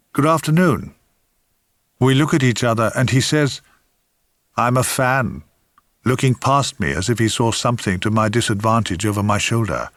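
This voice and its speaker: A man's voice: fairly low pitch, a bit bright, no echo. An older man reading his own memoir aloud with a dry, wry, theatrical storytelling manner. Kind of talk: memoir audiobook narration.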